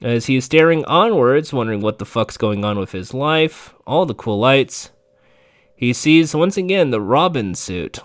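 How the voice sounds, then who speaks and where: A man's voice: medium pitch, expressive, moderate pace, no echo, clean studio sound. A man giving a casual, sarcastic, profane play-by-play recap of a TV episode.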